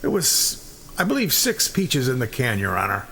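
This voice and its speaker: A man's voice: medium pitch, wildly swooping pitch, moderate pace, pushed and bright, low-quality recording. A man voicing a meek woman pleading before a judge in a joke. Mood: timid. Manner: timid, pleading. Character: meek woman defendant, timid.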